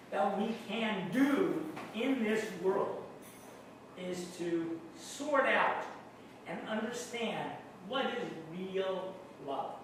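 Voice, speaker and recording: Slow, deliberate pastor in echoey hall. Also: male voice, high-pitched, fairly bright tone, a little hiss or hum. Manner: slow, deliberate, asks the congregation questions. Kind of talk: sermon. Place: church hall. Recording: very echoey room, mic far off.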